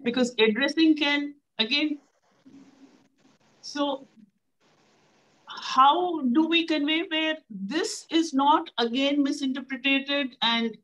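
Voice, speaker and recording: A woman's voice: sits high, slow, long pauses, fairly bright tone, low-quality recording. A woman speaking thoughtfully and hesitantly in a casual conversation. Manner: thoughtful, hesitant with many uh fillers, addresses partner as sir. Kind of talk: casual conversation on self-growth.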